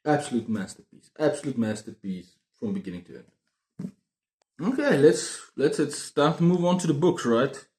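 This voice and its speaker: A man chatting casually about books on his video channel, excitable and prone to repeating himself. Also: medium pitch, moderate pace. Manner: excitable, repeats words and phrases. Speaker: book vlogger. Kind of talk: casual book review chat. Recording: roomy echo.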